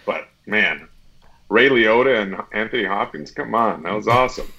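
Low-voiced man telling lively stories. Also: moderate pace, gravelly, muffled recording. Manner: animated storyteller, acts out quoted dialogue. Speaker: actor and interview guest. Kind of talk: casual interview chat.

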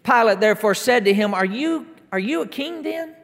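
A man preaching a sermon, emphatic, stacking repeated declarations that build up to shouts during a church service. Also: very high voice, animated, moderate pace, creaky. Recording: long reverb of a large hall.

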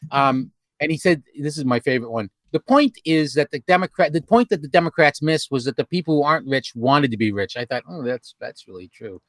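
A man's voice: on the high side, animated, a bit bright, dry recording. A man hosting a casual group conversation over a video call, rambling and restarting often as he asks questions. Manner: rambling, halting with many restarts and fillers. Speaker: podcast host.

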